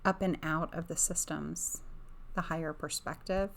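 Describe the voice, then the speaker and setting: A woman hosting an ASMR oracle card reading on a livestream. She speaks softly on a close microphone, drifts into whispers, and gushes with dreamy enthusiasm. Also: low-pitched, fairly even intonation, measured pace, gravelly, slight background noise. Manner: soft-spoken, slipping in and out of whispers.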